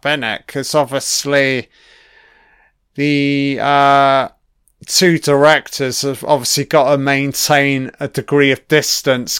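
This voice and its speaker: A British man giving a casual commentary on a film. He reacts out loud and swears often as he rambles. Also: mid-range voice, clear, resonant tone, no echo, studio quality. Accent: British English.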